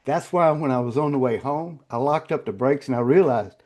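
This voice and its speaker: An older man, a guest in an interview, tells personal stories at a medium pitch. He halts and repeats words, and his voice goes quiet and choked when emotion rises.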